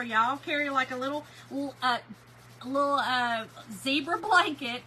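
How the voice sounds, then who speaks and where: A woman's voice: sits high, measured pace, pushed and bright, slight background noise, rough recording. A woman, telling an emotional story in a chatty way while she crafts on a livestream, and she tears up easily.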